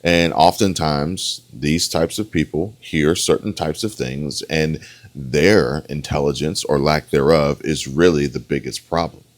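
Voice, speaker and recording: A man's voice: extremely low pitch, unhurried. A man giving emphatic reaction commentary, repeating his points and talking straight to his viewers. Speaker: political commentator.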